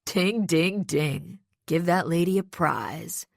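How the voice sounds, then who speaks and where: A woman's voice: low-pitched, normal speed, no echo, clean studio sound. A woman voicing a smug young male villain in an audiobook, speaking sarcastically and mockingly. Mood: sneering. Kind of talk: audiobook character voice.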